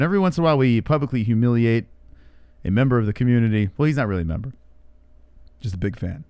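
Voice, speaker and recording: A man's voice: mid-range voice, expressive, fast talker, darkish tone, clear, resonant tone, no echo. A man hosting a casual livestream podcast, joking and teasing with banter. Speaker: podcast host.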